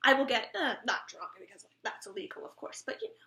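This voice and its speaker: A woman's voice: a little high, sing-song, fast talker, bright, forceful tone, reverberant. A twenty-year-old woman, an actress, giving a blunt, self-deprecating improvised comic monologue for a self-tape. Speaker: actress auditioning. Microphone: camera mic of a self-tape.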